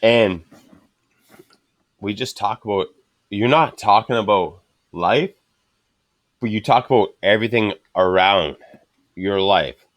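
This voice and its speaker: A man's voice: lowish voice, takes it slowly, pauses often, no echo. A man telling loose, profane stories in a casual chat. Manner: loose, profane, rambling storytelling. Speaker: podcast guest.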